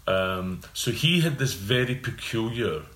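Male writer guest, low-ish voice, rambling anecdotal delivery, roomy recording with faint hiss. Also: expressive, a bit bright. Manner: storytelling, halting restarts. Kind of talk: casual chat. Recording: roomy with faint ambient noise.

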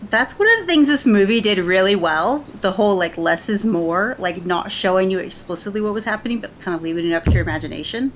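A woman's voice: medium pitch, lively intonation, fast talker, few pauses, slight background noise. A woman co-hosting a podcast, chatting casually in a blunt way, laughing and swearing. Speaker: podcast co-host. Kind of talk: casual chat.

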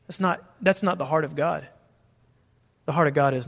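Animated preacher in an echoing hall. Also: male voice, fairly high pitch, moderate pace, vocal fry, long pauses. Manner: animated, conversational preaching with rhetorical questions. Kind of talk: sermon.

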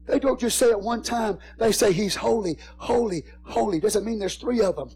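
A husky, fairly high-voiced pastor preaching to his congregation. He drops to near-whispers and then builds to shouted, rising peaks, repeating his phrases for emphasis. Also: normal speed. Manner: swings from hushed whispers to shouted crescendos. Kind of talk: sermon.

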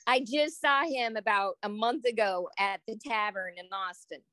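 A woman's voice: medium pitch, moderate pace, sharp tone, no echo. A woman speaking as a guest with her brother, chatty and blunt, laughing often. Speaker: guest, host's sister. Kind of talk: casual chat.

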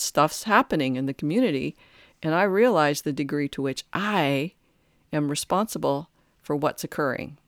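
A podcast host speaking in a reflective spiritual talk, the voice smooth and resonant. The delivery is thoughtful and halting, with phrases often restarted mid-thought. The sound is dry and close, with no room around it. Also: medium pitch, dry recording.

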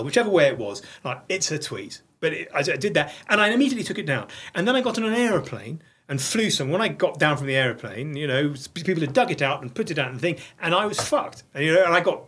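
A middle-aged man races through a candid interview, his words spilling out at a breakneck clip. His slightly raised voice has a husky edge. He is blunt, swears freely and keeps restarting his sentences. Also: on the high side, sing-song, fairly bright tone. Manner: rapid, blunt and profane, with many restarts. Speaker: podcast guest.

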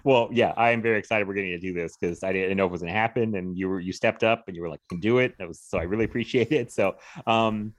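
A man's voice: fairly low pitch, fast, few pauses. A man hosting a film podcast, chatting casually with frequent laughs and fillers. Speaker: podcast host.

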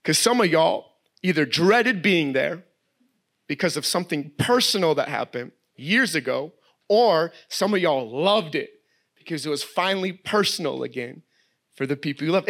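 A man, preaching a sermon as guest preacher, telling stories and voicing his daughter. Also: on the high side. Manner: animated storytelling, voices his daughter.

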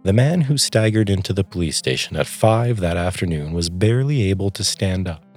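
A man's voice: sits low, expressive, fairly quick, darkish tone, soft background music. A man narrating a spooky story aloud, lending different voices to the characters in the dialogue.

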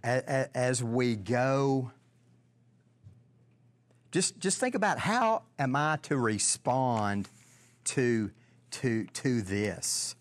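A man's voice: mid-range voice, animated. A man teaching a Bible lesson in a conversational way, often repeating words and putting questions to his listeners. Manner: halting, repeats words, asks the audience questions.

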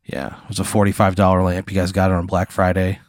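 Brief: a man with a low voice delivering deadpan improv narration in a dry room. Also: quick pace, dry recording. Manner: deadpan, rambling second-person narration. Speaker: improv storyteller. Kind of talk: improvised comedy storytelling.

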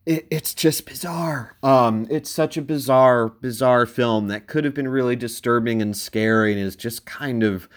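A man casually reviewing a film out loud, rambling and wry, with many filler sounds between thoughts. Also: medium pitch, unhurried, few pauses.

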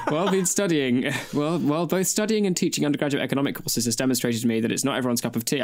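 Dry-voiced male podcast co-host. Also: mid-range voice. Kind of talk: casual chat, reading listener emails aloud.

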